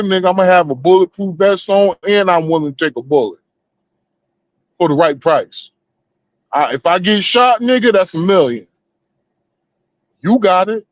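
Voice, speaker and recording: A man's voice: sits high, expressive, normal speed, long pauses, no room sound, lo-fi sound. A man with a Southern US accent trading crude, laid-back stories as a podcast co-host. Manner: laid-back storytelling with slang and profanity. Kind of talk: casual crude banter.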